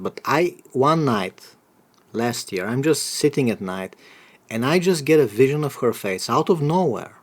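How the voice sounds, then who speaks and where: A man's voice: medium pitch, animated, a little slow. A man chats on a podcast in a loose, rambling way. He swears freely and breaks into laughter often. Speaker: podcast host. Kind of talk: casual podcast chat.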